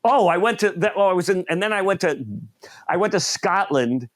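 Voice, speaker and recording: A man hosting a comedy podcast, telling stories in a rambling, animated way. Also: high-pitched, a little fast, no room sound. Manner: rambling, animated storytelling with laughs. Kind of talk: casual chat.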